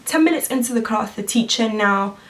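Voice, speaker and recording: A woman, telling an animated story to camera in a vlog. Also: fairly high pitch, fairly quick, distant mic. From London, England. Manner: animated, acts out quoted voices. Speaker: vlogger.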